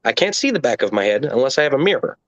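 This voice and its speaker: Racing along in a sing-song, mid-range voice, a man being interviewed tells an animated, casual story packed with swearing and digressions. The recording is dull, dry and lo-fi, with no echo.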